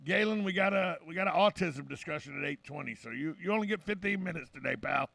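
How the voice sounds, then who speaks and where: A man hosting a morning talk radio show, chatting in a brisk, folksy, opinionated way. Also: on the high side, gravelly, a bit bright, dry recording. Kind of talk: casual radio chat. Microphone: studio microphone.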